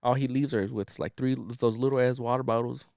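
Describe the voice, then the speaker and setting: A man's voice: mid-range voice, fairly even intonation, quick pace, creaky, a little mellow, smooth, no echo, studio quality. A man co-hosting a podcast, retelling a movie plot in a loose, profane, slangy storytelling style. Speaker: podcast co-host. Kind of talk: casual plot recap.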